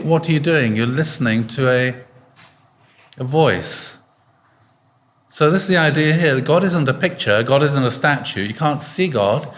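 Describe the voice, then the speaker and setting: A man preaching an informal sermon in an arts centre hall, chatty and full of fillers, stopping often to quiz his listeners. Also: fairly high pitch. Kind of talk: informal sermon with congregation questions.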